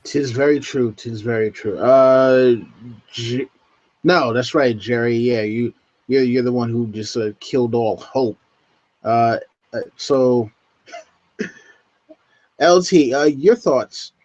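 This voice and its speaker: A man's voice: mid-range voice, takes it slowly, pauses often, a little mellow, no room sound. A man hosting a casual book discussion podcast. He leads the talk loosely and swears freely. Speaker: podcast host. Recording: dull, dry lo-fi podcast audio.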